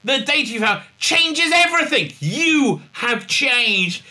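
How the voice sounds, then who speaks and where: A man's voice: very high-pitched, sing-song, slow pace, bright, forceful tone, voice pushed up, heavily acted. A man mocking a gushing emotional space scientist. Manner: mocking, syrupy and effusive. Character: gushing, overly emotional male starship scientist.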